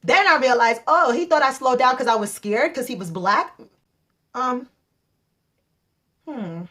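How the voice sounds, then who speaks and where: A young woman with a Trinidadian accent chats casually to her vlog audience. Her voice sits high, and she acts out each exchange she retells, swinging her pitch up and down for the people in her stories. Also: measured pace. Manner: animated, acts out quoted exchanges with big pitch jumps. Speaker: vlogger. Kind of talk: casual storytelling chat.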